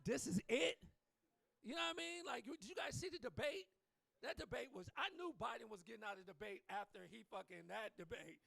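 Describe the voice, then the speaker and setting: Gravelly high-voiced man doing stand-up. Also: lively intonation, fast, pushed and bright, no room sound. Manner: profane, loose, teasing the crowd. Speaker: stand-up comedian. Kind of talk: live stand-up set. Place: comedy club stage.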